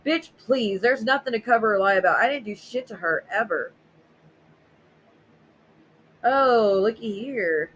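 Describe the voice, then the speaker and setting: A woman's voice: on the high side, animated, normal speed, slightly rough, dull audio. A woman hosting a casual livestream, reading viewer messages aloud and reacting bluntly and sarcastically, with frequent swearing. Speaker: livestream host.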